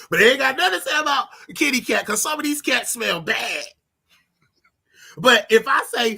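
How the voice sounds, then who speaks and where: A man's voice: very high-pitched, very animated, measured pace, gravelly, long pauses, bright, forceful tone, husky. A man ranting casually on a livestream in a flamboyant, sing-song way, with sudden yelps and laughter. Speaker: online preacher commentator.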